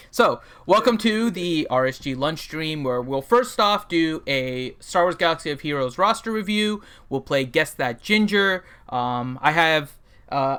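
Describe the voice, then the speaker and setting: A man's voice: a little high, fairly bright tone, clear, resonant tone. A man hosting a casual gaming livestream, joking and rambling with plenty of fillers as he introduces people and reviews a game roster.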